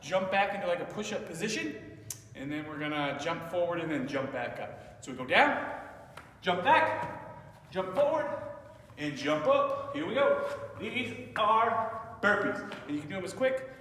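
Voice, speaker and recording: A man's voice: high-pitched, big pitch swings, moderate pace, fairly bright tone, distant mic. A male fitness instructor leading a workout class, upbeat and encouraging, slightly out of breath as he moves and cues breathing. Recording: echoey hall, voice from afar.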